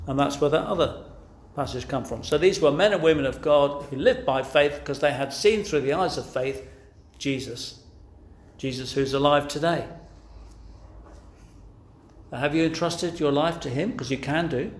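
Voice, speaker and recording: A man delivers an earnest, pleading sermon, pressing his hearers again and again with direct questions. His voice sits a little higher than most men's. It rings out in a roomy, echoing space. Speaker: preacher. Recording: echoey room.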